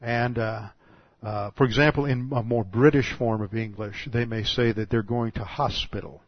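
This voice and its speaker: A man's voice: mid-range voice, fairly even intonation, moderate pace, dry recording. A man from the United States teaching a Bible passage verse by verse, explaining carefully and often restarting his sentences. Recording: dull, dry recording.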